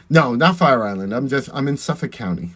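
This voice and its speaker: Husky, lively man chatting on a live stream. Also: mid-range voice, normal speed. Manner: chatty, reads viewer comments aloud and thanks them. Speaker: drag performer hosting a live stream. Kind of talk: casual live-stream chat while doing makeup.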